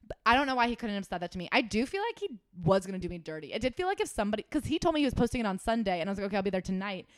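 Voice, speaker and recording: Fast-talking woman telling a story. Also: medium pitch, dry recording, studio quality. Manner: animated storytelling, swearing, acting out dialogue. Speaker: podcast co-host. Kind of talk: casual chat.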